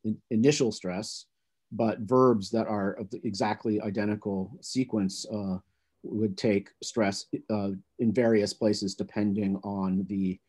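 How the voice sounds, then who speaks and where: Low, mellow-voiced man presenting research. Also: steady tone, breathy edge. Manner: measured, explanatory lecturing. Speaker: conference presenter. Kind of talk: academic conference talk.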